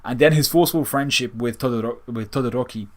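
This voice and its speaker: Male manga reviewer, casual and animated, restarts a lot, middle-pitched voice. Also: fast talker. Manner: animated, acts out quotes with laughs and slang; frequent restarts and swearing.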